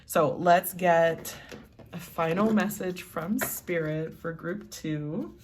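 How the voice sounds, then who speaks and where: A woman's voice: fairly low pitch, slow pace, background noise. A woman doing a casual tarot reading, chatty and giggly, with lots of "like". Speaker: tarot reader.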